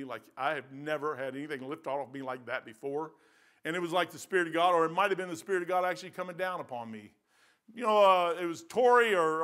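An older pastor with a Midwestern American accent preaches a sermon. His voice sits high, and he talks in a folksy, emphatic way, repeating phrases to drive a point home. The tone is bright and forceful.

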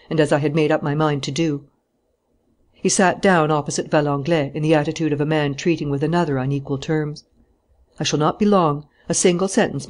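A narrator giving a steady, measured reading of a classic novel, growing louder and higher in heated dialogue. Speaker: audiobook narrator. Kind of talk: scripted narration.

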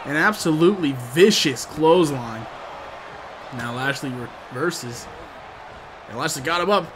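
A man doing sports-style play-by-play commentary, moving from steady calls to loud, shouted excitement. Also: fairly high pitch, unhurried, noisy background. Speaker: commentator for his own gameplay video.

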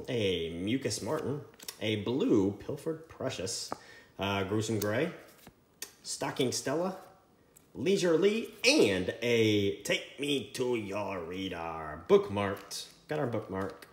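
A man hosting a trading card break, reading out card names in a running list with quick asides. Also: lowish voice, sing-song. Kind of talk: casual card-opening commentary. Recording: echoey room with faint noise.

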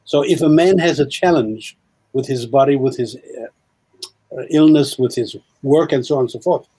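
A man hosting a talk show, who speaks haltingly and searches for his words. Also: mid-range voice, dark tone, husky, rough recording. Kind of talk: casual interview talk.

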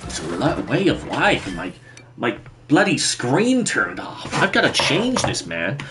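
Slow-talking man streaming a game. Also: medium pitch, wildly swooping pitch, music in the background. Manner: chatty, laughs often, banters with chat. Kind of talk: casual livestream chat while playing. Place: bedroom.

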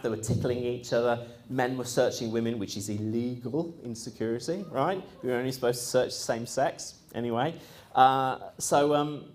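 A man telling a live audience his own story in a casual, animated way, often laughing, mimicking the people he quotes and filling gaps with ums and uhs. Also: mid-range voice. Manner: frequent ums and uhs, conversational. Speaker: speaker recounting his experience.

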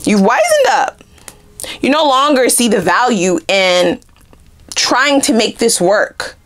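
Animated, sassy woman reading tarot. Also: on the high side, takes it slowly. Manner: animated, laughing often, sassy asides. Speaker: tarot reader. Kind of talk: casual tarot reading to camera.

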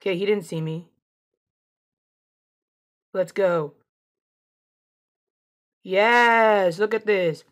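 Gameplay streamer, woman, chatty and excitable, taunts enemies while she plays. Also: medium pitch, extremely slow, long pauses. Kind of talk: casual gameplay commentary.

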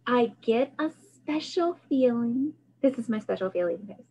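A woman's voice: on the high side, animated, normal speed, dark tone, lo-fi sound. A woman hosting a library storytime, singing action songs and coaching young children through gestures. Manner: cheerful, sing-song, coaching kids through motions.

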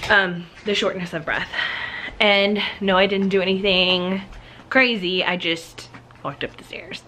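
A woman's voice: medium pitch, fairly even intonation, a little slow, pushed and bright, a little hiss or hum. Chatty young woman vlogging at home. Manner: chatty, rambling, many "like"s. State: out of breath. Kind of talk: casual vlog chat. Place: her home, indoors. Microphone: handheld camera.

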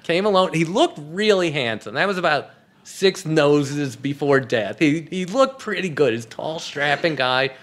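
A man's voice: fairly high pitch, animated, a little slow, fairly bright tone. A man, a comedy writer, telling anecdotes as a podcast guest in a wry, joking way and laughing at his own punchlines. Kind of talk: anecdotal storytelling.

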